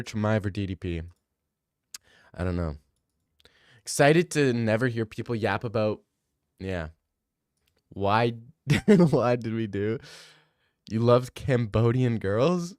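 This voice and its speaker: A man's voice: medium pitch, dry recording, clean studio sound. A young man streaming, reading live comments in joking, rambling casual chat.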